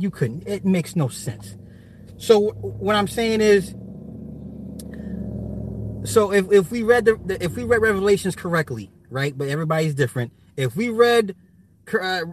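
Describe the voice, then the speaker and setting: Excitable high-voiced man ranting. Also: no room sound. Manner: profane, rambling, laughs often. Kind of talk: casual rant.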